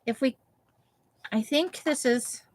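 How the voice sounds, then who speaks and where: A woman's voice: high voice, takes it slowly, slight background noise. A woman hosting a live craft session, chatting casually and thinking aloud while she cuts pictures from magazines. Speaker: craft livestream host. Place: home craft room, Las Vegas.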